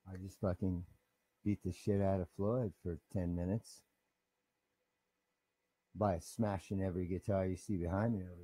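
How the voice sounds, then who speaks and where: A man improvising comedy as a rough, swaggering bar musician, trading profane threats and banter with a crowd. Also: low voice, mellow, rough recording. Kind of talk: improvised character comedy monologue.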